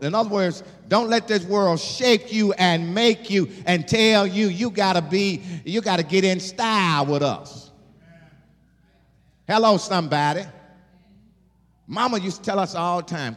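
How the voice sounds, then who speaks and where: Preacher, male, lively call-and-response sermon, echoing sanctuary. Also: high voice, a little slow. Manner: animated, call-and-response, laughing asides. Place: church sanctuary. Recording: long hall reverb.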